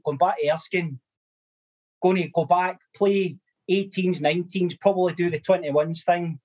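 A young Scottish man, a guest on a casual podcast, telling animated stories with swearing and laughter. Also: a little high, slightly rough. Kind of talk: casual storytelling chat.

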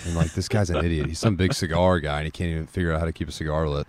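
A man's voice: very deep voice, very fast, no echo. A man from Kansas hosting a podcast, chatting casually and explaining things step by step. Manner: relaxed, explanatory, walks a guest through steps. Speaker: podcast host. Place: outdoors.

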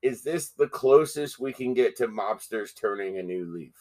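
A man's voice: fairly low pitch, lively intonation, normal speed, a little mellow. A man co-hosting a podcast in casual chat, emphatic and argumentative and swearing freely. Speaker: podcast co-host.

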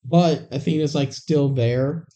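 A man's voice: on the high side, a little slow, mellow. A man co-hosting a podcast, casually retelling a movie's plot with lots of fillers and restarts. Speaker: podcast co-host. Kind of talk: casual movie recap chat.

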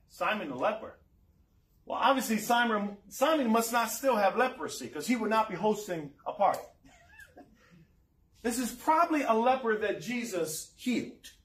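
A man preaching a sermon, lively and full of rhetorical questions, chuckling now and then. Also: high-pitched. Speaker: pastor. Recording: roomy echo, mic far off.

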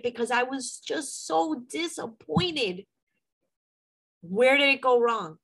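Middle-aged mom, candid vlogger, emotional and venting. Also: female voice, on the high side, lively intonation, slow pace, a bit bright, low-quality recording. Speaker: mother. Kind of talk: personal vlog storytelling.

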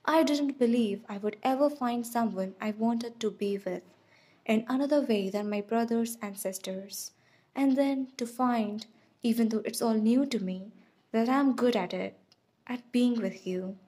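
A woman reading an audiobook, voicing a tender, restrained, teasing young man who has lived for a century, in soft murmurs. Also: a little high, measured pace, slightly rough.

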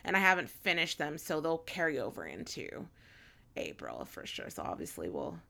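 A woman talks books in a loose, rambling way, full of fillers and restarts. Her voice sits a little low but comes across bright and forceful. It sounds like casual podcast chat. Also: huge pitch swings, normal speed, vocal fry. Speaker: podcast co-host.

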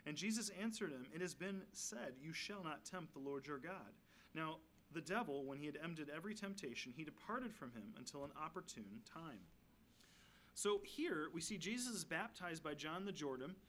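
A man's voice: fairly high pitch, lively intonation, moderate pace, a bit bright, slight background noise. A man giving a guest sermon, reading scripture aloud and adding casual, humorous asides. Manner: conversational, asides and light humor between readings. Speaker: guest preacher.

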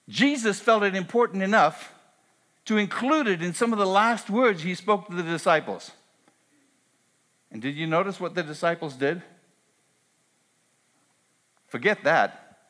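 Pentecostal-style pastor, male, slightly high voice, earnest, builds to emphatic repeated lines in a sermon. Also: expressive, measured pace, long pauses, a bit bright. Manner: earnest, rising to emphatic preaching with repeated phrases.

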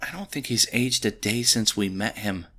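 A man voicing a calm, perceptive woman who reads auras, asking soft, probing questions. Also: fairly low pitch, moderate pace, slightly rough. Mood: questioning.

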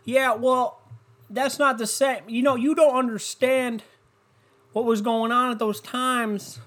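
A furious, high-pitched patriot rants at full volume, as a young man puts him on. He is indignant and mocking, and his pitch sits far above a normal speaking voice. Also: fairly even intonation, takes it slowly, a bit bright, heavily acted. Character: loud angry gun-loving American male patriot.

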